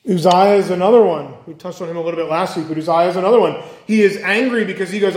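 Earnest high-voiced man preaching, echoey room. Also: fast, hardly any pauses, darkish tone. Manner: earnest, acts out quoted voices. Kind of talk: sermon.

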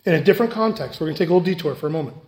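Speaking very fast and expressively, a pastor with a high, light voice preaches in a church hall full of echo. He drives his key phrases home through repetition, swinging between loud, pressing lines and soft, hushed moments.

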